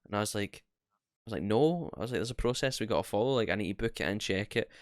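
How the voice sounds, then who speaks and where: Lively young man telling stories. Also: lowish voice, racing, no room sound, clean studio sound. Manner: animated, sweary storyteller acting out both sides of exchanges. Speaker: podcast co-host. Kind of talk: casual storytelling chat.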